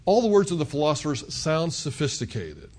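A man's voice: on the high side, wildly swooping pitch, brisk, darkish tone. A male pastor preaching an expository sermon in a conversational, emphatic way, full of rhetorical questions.

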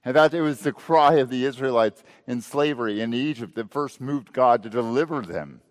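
A male pastor preaching a sermon, asking rhetorical questions and letting his voice swell and then drop low. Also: moderate pace, big-room sound.

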